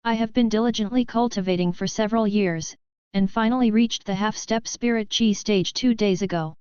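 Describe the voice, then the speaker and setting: A woman's voice: medium pitch, normal speed, darkish tone, smooth, no room sound, lightly acted. A woman narrator reading the lines of a sinister, contemptuous male martial villain from a storybook. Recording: dull lo-fi audio.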